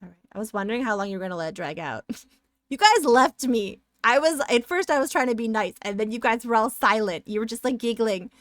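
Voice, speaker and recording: A woman's voice: on the high side, lively intonation, a little fast, a bit bright, no echo, studio quality. A woman streamer chatting playfully and sassily with her viewers while she draws, giggling often. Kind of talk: casual live-stream chat while drawing.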